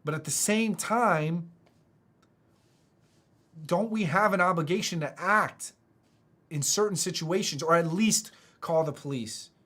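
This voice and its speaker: A man from the United States, a motivational speaker, talking casually online in an earnest, halting way with many restarts. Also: fairly high pitch, fairly bright tone.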